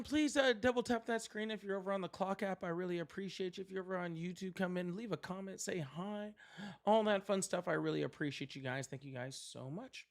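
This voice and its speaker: This political livestream host speaks from a seat at home in a high, gravelly, slightly bright voice. He rambles along casually, swearing freely and keeping a sardonic edge.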